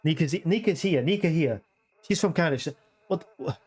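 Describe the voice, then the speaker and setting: A man's voice: fairly high pitch, animated, brisk, a little mellow. A man chatting casually with livestream viewers from his home computer room, repeating phrases and correcting himself as he goes.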